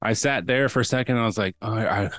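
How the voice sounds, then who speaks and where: A man's voice: medium pitch, racing, fairly bright tone, clean tone, dry recording, studio quality. Rambling man telling a story. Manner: rambling, full of restarts and reenacted quotes. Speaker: podcast guest. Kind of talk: casual storytelling.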